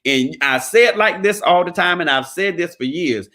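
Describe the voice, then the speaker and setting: High-voiced preachy man. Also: animated, moderate pace, bright, forceful tone. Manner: preachy, emphatic, folksy. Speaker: credit repair business owner. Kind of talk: motivational preaching-style talk.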